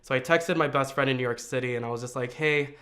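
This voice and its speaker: A man from the United States telling his own coming-out story in a reflective, earnest way, pausing on fillers and restarts. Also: medium pitch, fairly bright tone. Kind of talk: personal storytelling.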